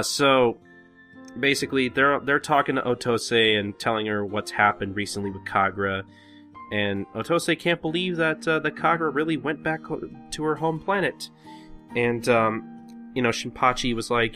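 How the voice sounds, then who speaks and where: A man hosts a casual anime podcast with a bright, pushing tone. He rambles through the plot, full of fillers, with a little guitar music underneath. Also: medium pitch. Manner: rambling, filler-heavy, laughing. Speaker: podcast host. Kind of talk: casual manga recap chat.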